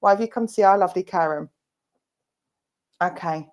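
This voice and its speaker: A woman's voice: fairly low pitch, moderate pace, darkish tone. Chatty Essex woman giving a reading. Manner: chatty, reassuring, speaks for a spirit in asides. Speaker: presenter and medium. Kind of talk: giving an online mediumship reading.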